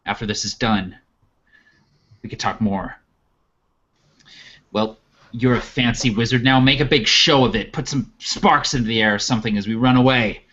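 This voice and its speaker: A man doing a gruff mercenary commander. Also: medium pitch, moderate pace, pauses often, fairly bright tone. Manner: curt, commanding. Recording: dull lo-fi audio.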